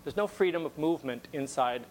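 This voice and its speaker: A man's voice: on the high side, expressive, brisk, a little hiss or hum. A man giving a talk to an audience, telling a story conversationally with wry asides and frequent repeated words.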